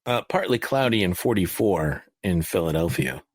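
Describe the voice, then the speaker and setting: A man's voice: deep voice, normal speed, no room sound. A man co-hosting a casual sports podcast, joking around and ranting in mock anger. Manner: lively, joking, mock-angry rants. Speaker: podcast co-host.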